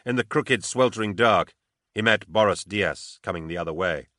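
A man's voice: lowish voice, normal speed, bright, forceful tone, no room sound, clean studio sound. A man narrating fiction steadily as an audiobook narrator.

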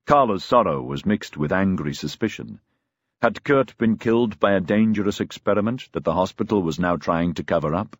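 A man's voice: low voice, lively intonation, moderate pace, no echo. A man narrating a novel as an audiobook, telling the story expressively.

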